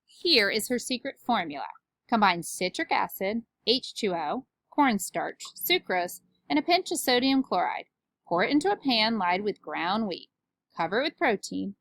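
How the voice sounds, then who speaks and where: A woman's voice: mid-range voice, sing-song, moderate pace, creaky, fairly bright tone, no room sound, studio quality. A woman reading a storybook aloud, voicing a friendly man who explains things matter-of-factly. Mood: explaining.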